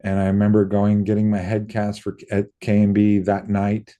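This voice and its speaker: A man's voice: on the low side, normal speed. A middle-aged man, a makeup effects artist, telling stories in a casual interview and acting out other people's lines, with some swearing. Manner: lively storyteller who acts out quoted voices, casual swearing. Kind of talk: casual anecdotal interview storytelling.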